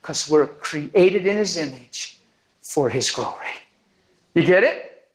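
A man preaching a sermon, telling a story with lively energy and acting out the people in it. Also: on the high side, takes it slowly, rough recording. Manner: animated, acts out the people in his stories.

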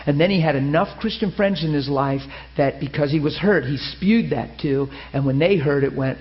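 High-voiced man preaching, lo-fi. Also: normal speed, few pauses. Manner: animated storytelling, laughing, high excited asides. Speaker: pastor. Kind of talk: sermon.

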